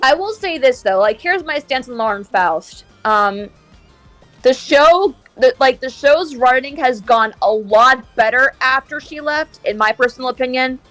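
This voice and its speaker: A high-pitched woman rants with strong opinions while streaming a game. Her voice sounds dry and close. Faint music plays behind her. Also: expressive, measured pace, a bit bright, no room sound. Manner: opinionated, ranting. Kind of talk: casual chat while gaming.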